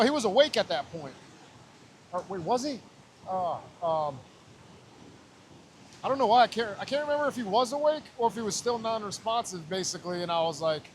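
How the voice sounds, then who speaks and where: A man's voice: sits high, a little hiss or hum. A man in his thirties, a podcast guest, telling a personal story in casual talk, raw and emotional and swearing freely. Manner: raw, emotional, swears often, retells scenes with quoted voices.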